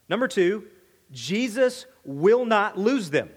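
A man with a high voice preaches a sermon in a conversational, emphatic way, often stumbling over repeated words. His voice rings with a long reverb, as in a church sanctuary. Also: lively intonation, takes it slowly. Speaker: pastor.

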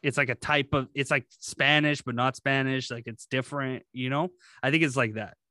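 A man's voice: mid-range voice, steady tone, normal speed, sharp tone, no echo, studio quality. A man in casual, rambling podcast chat, swearing freely and laughing often. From grew up around Guyanese speakers.

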